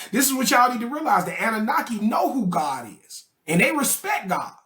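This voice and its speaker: A man's voice: very high voice, very animated, fairly quick, few pauses, pushed and bright. A man teaching a study group in a casual, joking way, full of slang and checks like "okay?" and "right?". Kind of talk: casual explanatory lecture.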